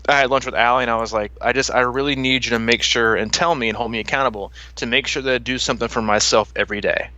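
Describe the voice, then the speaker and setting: A man's voice: medium pitch, fairly even intonation, fast, hardly any pauses, sharp tone, no echo, dull audio. A man in his thirties hosting a podcast, chatting casually with lots of fillers and laughter. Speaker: podcast host. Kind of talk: casual chat.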